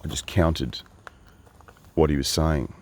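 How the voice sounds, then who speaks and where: Australian man, 50s, very deep voice, casual wry storytelling, rambling asides. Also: steady tone, measured pace, darkish tone. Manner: meandering, wry, full of asides and restarts. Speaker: travelling storyteller. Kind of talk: casual spoken monologue.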